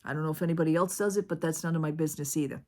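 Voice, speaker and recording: A woman's voice: low-pitched, rapid-fire, dark tone. A woman telling a story in a casual home vlog, indignant and retelling it with lots of "I says". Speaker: vlogger. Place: at home, living room.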